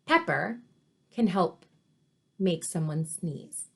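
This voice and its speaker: A woman teacher reading a storybook to children, pausing to ask questions and explain words. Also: on the low side, lively intonation, creaky, slightly rough. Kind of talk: read-aloud story lesson for children.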